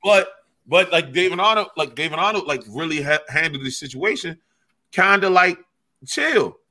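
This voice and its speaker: A man who is a stand-up comic, chatting casually and telling animated stories, swearing freely and acting out what people said. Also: on the high side, moderate pace. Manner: animated storyteller, swears freely, acts out quotes. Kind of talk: casual podcast chat.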